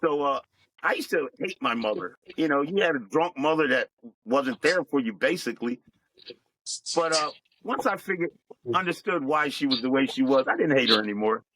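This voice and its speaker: A middle-aged man telling his life story as a guest, in a plain, reflective, unhurried way. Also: medium pitch, animated, a bit bright, a little hiss or hum, rough recording. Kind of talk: personal storytelling.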